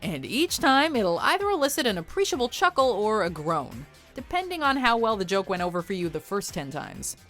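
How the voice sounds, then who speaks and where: A woman's voice: medium pitch, very animated, fairly quick, few pauses, fairly bright tone, faint music behind. A woman narrating a scripted countdown video with wry, playful commentary.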